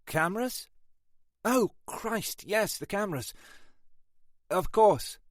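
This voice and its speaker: A man's voice: high voice, expressive, takes it slowly, no room sound, studio quality, voice pushed up. A man voicing a flustered, apologetic young woman detective sergeant in an audiobook.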